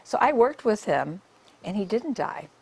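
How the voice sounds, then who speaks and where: A woman's voice: medium pitch, very animated, measured pace, gravelly, breathy edge. An older woman, a nurse, giving a public talk and telling her stories in a conversational way with many asides.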